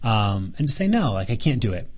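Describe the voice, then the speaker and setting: A man's voice: mid-range voice, very animated, brisk, a little mellow. Fired-up man hosting a live Q&A. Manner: earnest, fired up, repeats words; casual swearing and slang. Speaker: host answering viewer questions. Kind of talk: casual live Q&A.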